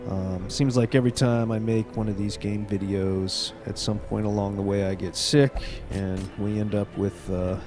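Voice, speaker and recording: A man hosting a let's play video, stuffed up from a cold, talking in a relaxed, chatty way with plenty of fillers. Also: lowish voice, normal speed, hardly any pauses, music in the background. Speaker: gaming video host.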